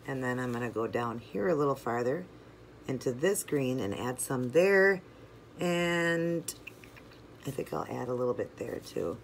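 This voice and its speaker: A nail art channel host talking viewers through each step of a toe design while working, chatty and relaxed, sometimes drifting away from the mic. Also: mid-range voice, measured pace, vocal fry, slight background noise. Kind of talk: step-by-step craft tutorial.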